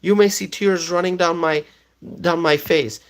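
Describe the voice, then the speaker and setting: A man hosting a casual live stream, tired after a long day, talking slowly and repeating himself as he reads viewer comments aloud. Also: on the high side, fairly even intonation.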